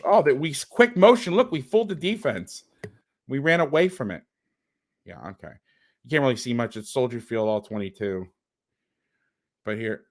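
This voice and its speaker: A man hosting as a football coach, breaking down game film on a video call with sarcastic, exasperated commentary. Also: mid-range voice.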